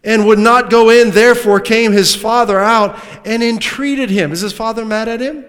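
High-voiced preacher in a reverberant hall. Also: male voice, fairly even intonation, moderate pace. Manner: dramatic preaching that swings from loud emphatic lines to hushed asides; humorous asides with laughter. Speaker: pastor. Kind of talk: sermon. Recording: long reverb of a large hall.

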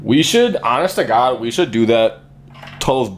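A man's voice: mid-range voice, big pitch swings, moderate pace, a little hiss or hum. Crude joking male podcast host. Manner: crude, joking, laughs often. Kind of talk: crude casual banter.

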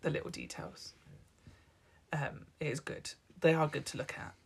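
A co-host chatting casually about a film, agreeable, teasing and quick to laugh. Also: medium pitch, level tone, creaky, slight background noise. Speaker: podcast co-host. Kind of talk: casual film review chat.

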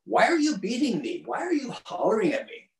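A man's voice: high-pitched, wildly swooping pitch, a little fast, pitched above the performer's own voice. A man voicing a faithful male talking donkey, asking plaintive questions, heard from a distant mic in a roomy space. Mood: pleading.

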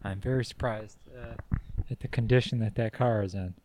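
A man's voice: lowish voice, fairly even intonation, fairly quick, noisy background. A man co-hosting a casual podcast, easygoing and agreeable, with a lot of filler words. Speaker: podcast co-host. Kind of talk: casual chat.

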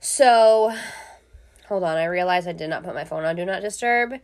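A woman's voice: fairly low pitch, moderate pace, darkish tone. A woman hosting a casual solo podcast from home, telling stories in a chatty way, swearing freely and filling her talk with "like.". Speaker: podcast host.

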